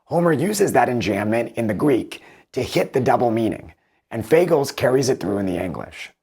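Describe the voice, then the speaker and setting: A man hosting a video, explaining and comparing book translations in a measured, thoughtful way. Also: mid-range voice, sing-song, creaky, darkish tone, husky. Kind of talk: explanatory commentary with read-aloud passages.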